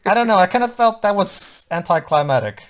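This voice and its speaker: A man's voice: sits high, lively intonation, brisk. A man co-hosting a casual movie commentary, rambling along with lots of stammered restarts. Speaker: podcast co-host.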